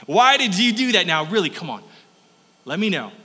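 Guy doing a high coaxing schemer lady, honey-sweetheart whining, big echoey church. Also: sing-song, normal speed, pushed and bright, husky, exaggerated voice. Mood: wheedling. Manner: wheedling, pleading with pet names. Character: coaxing, scheming young woman lover.

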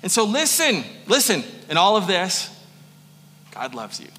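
Bright-voiced pastor man preaching. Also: sits high, big pitch swings, unhurried, in a large hall. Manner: conversational, shifting from joking asides to hushed earnestness. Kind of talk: sermon.

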